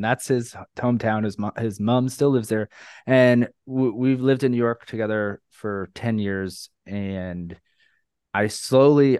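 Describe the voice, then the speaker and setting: A man's voice: on the low side, a little mellow, smooth, no room sound, clean studio sound. A middle-aged man hosting a podcast, chatting in a rambling way and laughing often. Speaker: podcast host. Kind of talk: casual podcast chat.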